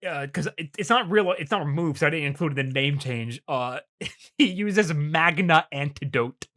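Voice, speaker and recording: A man's voice: a little high, lively intonation, moderate pace, a bit bright. A young man co-hosting a podcast, recapping an episode in loose, profane casual chat and laughing often. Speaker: podcast co-host.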